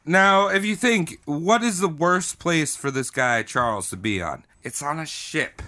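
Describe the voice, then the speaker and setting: Guy hosting a comedy podcast, super lively bright voice, jokey and crude. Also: on the high side, unhurried. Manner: loose, joking, crude. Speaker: podcast host. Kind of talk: casual comedic storytelling.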